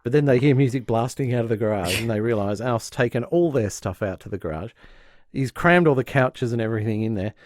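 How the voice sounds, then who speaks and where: A man's voice: medium pitch, animated, a little fast, few pauses, no room sound, clean studio sound. A man co-hosting a podcast, chattily recapping a sitcom episode and acting out the quotes. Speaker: podcast co-host.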